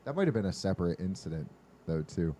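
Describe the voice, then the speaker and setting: A man's voice: low voice, very animated, fast talker, warm tone, a little hiss or hum. A man in casual podcast chat, recalling a story with hesitant, rambling phrasing.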